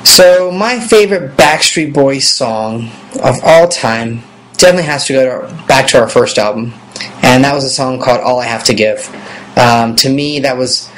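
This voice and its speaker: A man in his thirties talks casually as he answers fan questions, rambling and filling pauses with ums. His voice sits in an ordinary middle pitch. Faint background noise is under the talk. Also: poor audio. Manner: relaxed and rambling, many fillers. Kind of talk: casual video Q&A.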